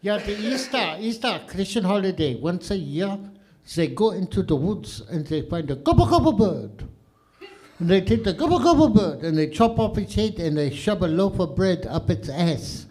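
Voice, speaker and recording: A man's voice: sits high, very animated, moderate pace, darkish tone, voice pushed up. A man playing a smug know-it-all who rambles confidently through a wrong answer. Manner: cocky, rambling.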